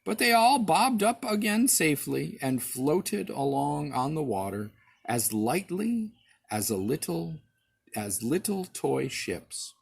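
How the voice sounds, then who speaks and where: Husky-voiced dad reading a storybook aloud. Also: male voice, on the high side, slow pace. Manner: expressive, with small slips and restarts. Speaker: father reading to his child.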